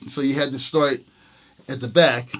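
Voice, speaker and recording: A man in a casual sit-down interview tells a long story about an old gig. His voice sits at an ordinary middle pitch. He laughs often and acts out the lines of the people in the story. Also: fairly even intonation, moderate pace, a bit bright. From New York City. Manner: laughing, reenacts quotes with voices. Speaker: jazz trumpet player, interview guest.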